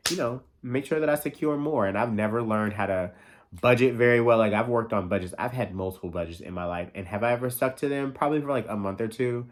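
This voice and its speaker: Man, 30s, podcast host, casual solo talk, low-ish voice, quick excitable delivery. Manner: fast, excitable, lots of "like" fillers and swearing. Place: New York.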